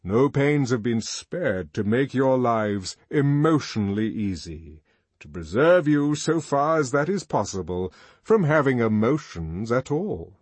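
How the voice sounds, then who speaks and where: A man's voice: medium pitch, big pitch swings, unhurried, a little mellow, husky, no echo, pitched above the performer's own voice. A man voicing an older, commanding world controller in an audiobook, lecturing in a lofty, emphatic way.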